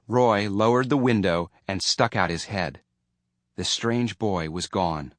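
A man narrating an audiobook in a measured storytelling manner. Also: fairly low pitch, dry recording. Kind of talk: scripted narration.

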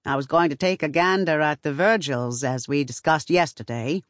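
Soft polite gentleman banker as a woman reads him, lowered hushed voice, dry close sound, storybook reading. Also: moderate pace, no room sound, close to an everyday voice. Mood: courteous. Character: soft-spoken courteous slight male banker-librarian.

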